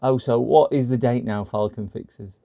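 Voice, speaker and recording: A man's voice: medium pitch, fairly even intonation, moderate pace, vocal fry, warm tone. A man chatting casually with viewers on a live stream while repairing a computer, rambling and thinking aloud as he works.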